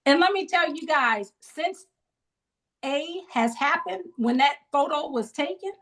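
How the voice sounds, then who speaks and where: A woman's voice: high voice, animated, a little slow, fairly bright tone. A middle-aged woman leading a grief support group on a video call, encouraging people with preacherly call-and-response. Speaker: grief ministry leader.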